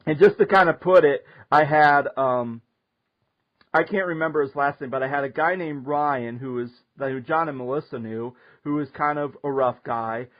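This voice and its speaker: A man tells a story in a casual talk, his voice sitting a little high. He is animated and laughs often along the way. The sound is muffled and lo-fi. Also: normal speed. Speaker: podcast host. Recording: muffled lo-fi audio.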